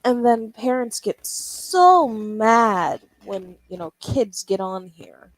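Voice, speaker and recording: A young woman chats to her stream as she draws, rambling from one thought to the next and swearing freely. She talks at an unhurried, drawn-out pace. Her voice sounds close and dry, with no room echo. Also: a little high, big pitch swings. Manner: chatty and rambling, swears and laughs often. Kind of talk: casual livestream chat while drawing.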